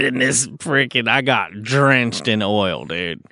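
A man's voice: medium pitch, measured pace, no echo, studio quality. A man hosting a casual chat, talking in a laid-back way and calling others "dude" and "man.". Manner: relaxed, uses "dude" and "man" often.

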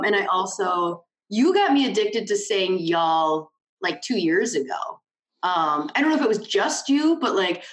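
A woman's voice: medium pitch, fairly bright tone, reverberant, rough recording. Bubbly chatty woman podcast host. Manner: bubbly, self-mocking, lots of "like" fillers. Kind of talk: casual podcast chat.

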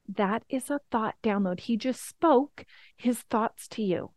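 A woman's voice: on the high side, slow pace, a little mellow, dry recording. A woman in her thirties teaching a coaching webinar, earnest and encouraging, often checking in with "right?". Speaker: life coach.

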